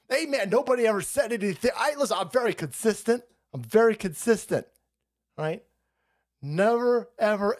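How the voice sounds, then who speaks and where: A man hosting a livestream, reacting to clips with crude, mocking commentary and frequent laughter. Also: sits high. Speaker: streamer host.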